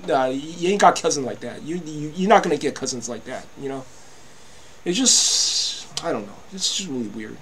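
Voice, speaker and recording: A man in his fifties delivers an agitated monologue to camera in a high, swooping voice. He stumbles over restarts, leans on "you know" and curses casually. His pitch leaps up and down as he complains. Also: animated, normal speed, husky. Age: 50s. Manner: swears freely. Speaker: vlogger.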